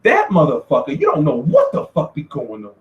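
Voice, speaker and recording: High, lively-voiced man in an echoey room. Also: a little fast, dull audio. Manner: animated, laughing, slangy storytelling. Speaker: boxing media vlogger. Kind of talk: casual profane monologue. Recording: roomy echo.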